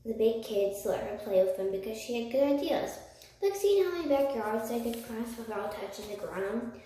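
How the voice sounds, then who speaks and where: A woman reading a children's book aloud, slowly, with slips and restarts. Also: a little high, animated, dark tone. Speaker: reader. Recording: echoey room, far from mic, faint noise.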